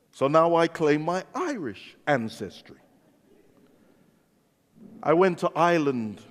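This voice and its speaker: High, lively English preacher in echoing hall. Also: male voice. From England. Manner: animated storytelling preacher, acts out dialogue. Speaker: pastor. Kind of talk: sermon. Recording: long reverb of a large hall.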